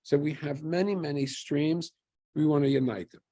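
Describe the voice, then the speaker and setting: Male lecturer with a husky voice. He asks himself questions, answers them with dry humor and keeps it conversational. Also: fairly high pitch, fairly even intonation, normal speed, dark tone. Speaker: lecturer on Jewish history. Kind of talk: informal history lecture.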